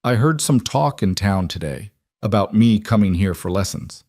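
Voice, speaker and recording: Male narrator voicing a frontier cowboy; earnest, plain-spoken, gentle but firm, low-voiced. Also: expressive, moderate pace, dry recording, studio quality.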